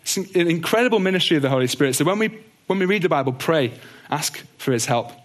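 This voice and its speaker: A man teaching a Bible lesson in an earnest, gentle way. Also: a little high, lively intonation, fast talker. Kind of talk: teaching talk on doctrine.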